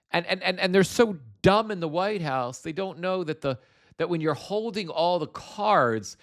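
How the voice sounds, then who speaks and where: A man hosting a political commentary livestream, talking in a profane, rambling way with frequent restarts and asides. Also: medium pitch. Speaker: host.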